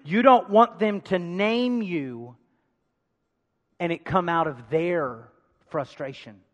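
A man preaching a sermon, calling out to the congregation for responses and swinging between loud emphasis and hushed asides. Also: high voice, slow, dull audio. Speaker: pastor. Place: large church hall. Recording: long hall reverb.

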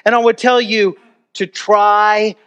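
A man, a pastor preaching a sermon and telling a story with animated emphasis. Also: high-pitched, slow pace, smooth, lo-fi sound.

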